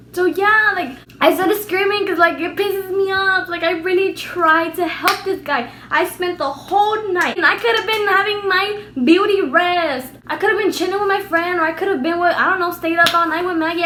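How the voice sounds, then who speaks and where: Young woman, storytime vlog, high voice, emphatic, swears a lot, echoey room, faint hiss. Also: brisk. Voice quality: animated, emphatic, swears freely. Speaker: vlogger.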